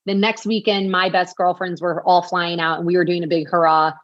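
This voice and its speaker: A woman recounts a personal story as a podcast guest, in a lively voice that jumps up whenever she acts out what she said. She fills her sentences with "like". The sound is dry and slightly dull. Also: fairly low pitch, brisk, no echo. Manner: animated, acts out quoted dialogue, frequent "like". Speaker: podcast guest, author and speaker.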